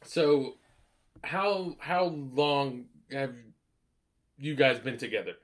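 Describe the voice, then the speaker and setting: A man's voice: medium pitch, animated, takes it slowly. A man co-hosting a podcast, joking and swearing casually and laughing often. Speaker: podcast co-host.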